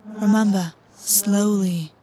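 A woman's voice: medium pitch, steady tone, takes it slowly, warm tone, husky. A woman voicing a lazy, predatory male waterhorse creature who talks in a teasing, commanding way.

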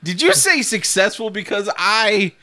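Bright-voiced deadpan male co-host. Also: high-pitched, unhurried. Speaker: comedy co-host. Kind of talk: casual comedic banter.

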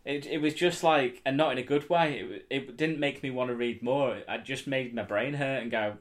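A man's voice: mid-range voice, normal speed, hardly any pauses. A man, co-hosting a casual podcast chat in a laid-back, dry way. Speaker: podcast co-host.

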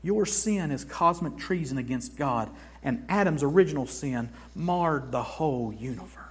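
A male pastor preaching a sermon in a church, swinging between hushed passages and forceful, emphatic declarations. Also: on the high side, animated, moderate pace, breathy edge.

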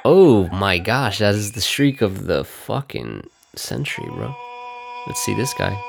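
A man's voice: lowish voice, huge pitch swings, measured pace, vocal fry, background noise. A man hosting his own podcast, talking in a casual, rambling monologue. He swears constantly, mocks himself and calls his listeners dude and bro. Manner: profane, rambling, self-mocking, talks to viewers as "dude" and "bro". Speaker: podcast host.

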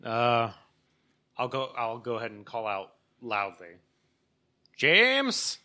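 Male player, bright tone, relaxed and chatty, casual table talk. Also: medium pitch, measured pace. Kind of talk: casual chat at a game table.

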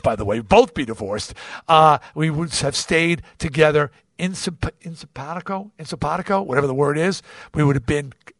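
A man hosting a podcast, telling a personal story in an animated way, often restarting and repeating words. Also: on the high side, brisk, no room sound, studio quality. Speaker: podcast host. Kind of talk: confessional storytelling.

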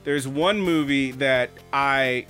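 A man co-hosting a podcast, telling a story in casual chat, animated and swearing freely. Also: mid-range voice, slow, soft background music. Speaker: podcast co-host.

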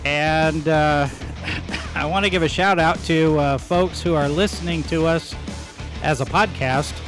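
A man's voice: fairly high pitch, fairly even intonation, unhurried, over music. Rambling, emphatic male live-show host. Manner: rambling, with emphatic repetition and many fillers. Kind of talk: casual live-stream commentary.

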